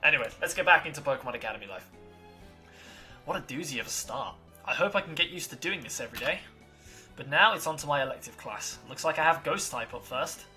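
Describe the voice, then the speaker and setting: Giggly gamer reading a visual novel aloud, bright tone, quiet music underneath. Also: mid-range voice, fast. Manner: animated, giggly, self-deprecating. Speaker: let's play gamer.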